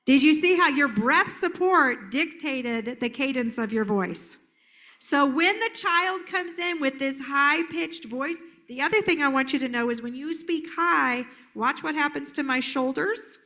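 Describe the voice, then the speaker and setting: Brief: middle-aged woman therapist presenting a workshop, playful and animated, slightly high voice. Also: unhurried. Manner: lively, playful, acts out children's voices. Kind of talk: conference workshop talk. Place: conference hall.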